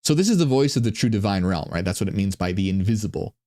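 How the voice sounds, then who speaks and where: A man giving casual, irreverent commentary on ancient texts, animated and full of stumbling restarts. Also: lowish voice, quick pace. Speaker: online religion commentator.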